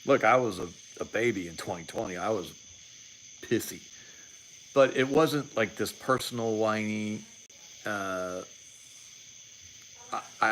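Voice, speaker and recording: Speaking slowly and pausing often, a man in his late forties with a lowish, fairly bright voice hosts a livestream of casual political commentary. His opinionated rambling features restarted sentences, repeated words, and sarcastic asides, captured in poor audio with slight background noise.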